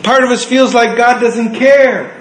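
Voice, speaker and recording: A man with a high voice preaches earnestly and conversationally, leaning on words for emphasis. His voice rings through a reverberant room. A faint hiss sits underneath. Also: a little slow. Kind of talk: sermon. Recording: echoey room.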